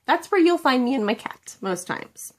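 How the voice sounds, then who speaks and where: A woman's voice: high-pitched, big pitch swings, moderate pace, a little hiss or hum. A middle-aged woman chatting casually to the camera at home, rambling and a little self-deprecating. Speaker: beauty vlogger.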